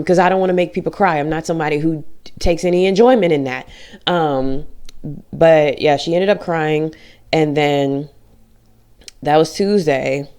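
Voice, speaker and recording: A woman's voice: lowish voice, a little mellow, clear, resonant tone. A woman talking candidly in a personal vlog, blunt and frequently swearing, acting out the things people said to her. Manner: blunt, frequent swearing, acts out quoted dialogue. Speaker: vlogger.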